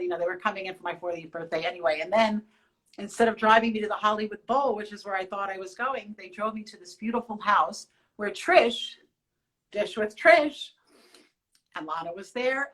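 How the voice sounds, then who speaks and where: A woman's voice: mid-range voice, a bit bright, low-quality recording. A woman in her forties, hosting a casual live question-and-answer with fans, telling personal stories in a chatty way with many restarts. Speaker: show host.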